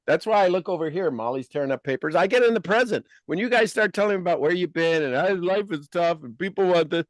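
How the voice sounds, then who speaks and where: A high-pitched man talks fast with few pauses, hosting a casual podcast conversation as a life coach. He's emphatic, blunt and animated, and the studio-quality recording has no echo.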